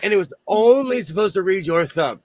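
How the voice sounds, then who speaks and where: A man's voice: high voice, expressive, fairly quick, a little mellow, dry recording. A man hosting a casual chat, joking around while losing his voice. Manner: chatty, joking asides. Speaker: host.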